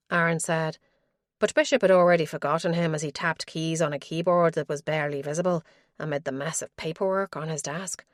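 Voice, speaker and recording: Low-voiced woman narrating a thriller. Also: dry recording, studio quality. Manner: measured, suspenseful. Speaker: audiobook narrator. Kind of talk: scripted audiobook narration.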